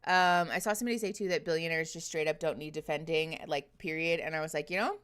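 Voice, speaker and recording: A woman's voice: sits low, quick pace, fairly bright tone, smooth. A woman hosting a livestream, chatting casually with viewers, giggling often, swearing freely and using lots of fillers, close to a desk microphone. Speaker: livestream host.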